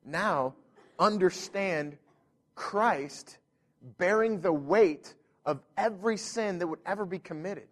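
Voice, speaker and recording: A man's voice: high-pitched, slow pace. A man in his thirties, a pastor telling a family story in a sermon, earnest and full of restarts.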